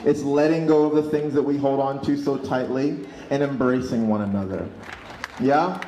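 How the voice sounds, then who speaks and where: A man leading a protest crowd through a calm, guided emotional exercise. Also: medium pitch, slight background noise. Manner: calm, coaching, measured. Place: outdoor street protest. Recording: echoey outdoor PA, crowd behind.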